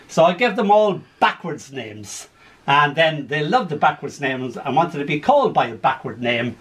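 Irish poet guy reading his stuff over zoom, gentle and lyrical, slightly high voice. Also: sing-song, moderate pace. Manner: gentle, lyrical, chuckling asides. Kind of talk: poetry reading over video call. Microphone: video call.

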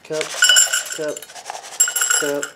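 A man's voice: very slow, heavy background noise. A young man filming a casual home vlog, a father who rants and swears at his cats in between baby talk. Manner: swearing, exasperated rants at pets. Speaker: vlogger, dad. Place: home, indoors.

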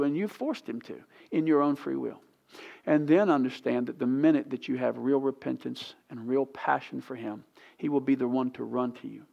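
A pastor preaching a sermon in a church sanctuary, pleading and impassioned, swinging from hushed to loud. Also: male voice, mid-range voice, moderate pace, creaky, dull audio.

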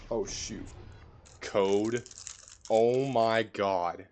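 A young man giving casual live commentary to a teammate while playing a battle royale game, rambling one moment and shouting callouts the next. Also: fairly low pitch, moderate pace, pauses often, slight background noise. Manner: casual, rambling, bursts into excited shouting in fights. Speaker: gamer streamer.

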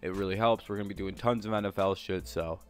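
Low-voiced man rambling about football picks. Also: fast, clear, resonant tone, soft background music. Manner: rambling, lots of fillers and profanity. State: out of breath. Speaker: channel host. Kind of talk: casual sports predictions vlog.

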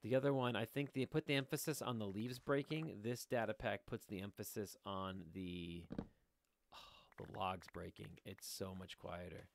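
Gravelly man rambling over gameplay. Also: lowish voice, steady tone, moderate pace, slight background noise. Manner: rambling, jokey, talks to viewers while playing. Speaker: gaming video host. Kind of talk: casual let's-play commentary. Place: room at home.

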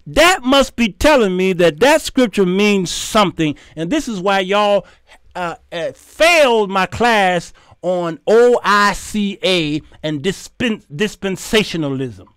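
A man's voice: high-pitched, animated, slow, fairly bright tone, clear, resonant tone, dry recording, studio quality. A man hosting his show, delivering a heated, preachy commentary rant that scolds his listeners and repeats phrases for emphasis. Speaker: host.

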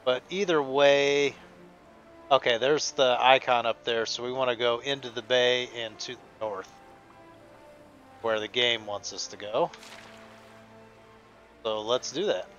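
A man's voice: mid-range voice, steady tone, measured pace, pauses often, a bit bright, dull audio, faint music behind. Casual man commentating a game. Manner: thinks aloud, reads game text aloud. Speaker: gameplay host. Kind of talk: casual let's-play commentary.

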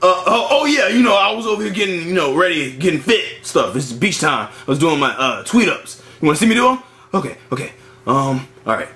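A man's voice: a little high, very animated, brisk, pushed and bright, roomy sound, exaggerated voice. A man voicing a lazy, sleazy big male cartoon bird who drawls and fumbles for excuses, in a comedic puppet skit. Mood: flustered.

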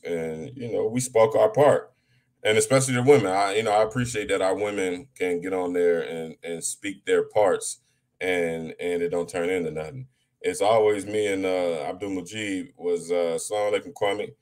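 A man hosting a religious live reading, talking casually and jokingly with many fillers and restarts. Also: low-pitched. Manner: joking, conversational.

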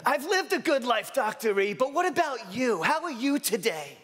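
A man on stage putting on the voice of a blunt, feisty eighty-year-old woman patient, raised high and scolding. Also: very animated, normal speed, fairly bright tone, full character voice. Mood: warm.

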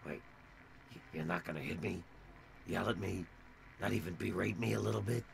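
A man's voice: deep voice, normal speed, a little hiss or hum, low-quality recording. An actor playing a meek, corpse-like ghoul barman in a video game, with a timid, grateful manner. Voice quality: gravelly, rasping.

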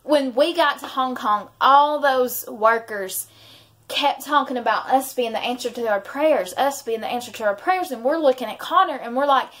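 A woman's voice: high voice, moderate pace, fairly bright tone. A woman, in her thirties, sharing a heartfelt, rambling personal faith story on her vlog. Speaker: vlogger and mother. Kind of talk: emotional personal testimony.

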